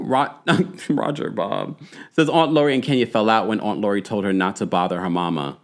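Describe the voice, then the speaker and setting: With a fairly low pitch and a moderate pace, a man runs a live reality TV recap stream. He chats casually, reads out comments from viewers, and stays animated, peppering his talk with fillers and asides.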